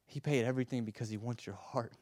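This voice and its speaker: A man preaching a sermon with passion, moving between hushed tender passages and loud emphatic ones, often stammering and repeating words as he presses his points. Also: medium pitch, fairly even intonation, quick pace.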